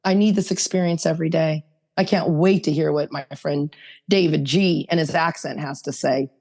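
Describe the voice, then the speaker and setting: A woman's voice: low voice, steady tone, moderate pace, a little mellow. Earnest woman sharing her recovery story. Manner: earnest, rambling, self-correcting. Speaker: recovery meeting participant. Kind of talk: personal sharing at a recovery roundtable.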